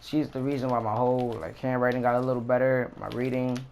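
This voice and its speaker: A man's voice: mid-range voice, quick pace. Young guy telling a school story, slangy and cussing a lot, faint hiss in the back. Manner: slangy, animated retelling with profanity. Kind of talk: casual storytime.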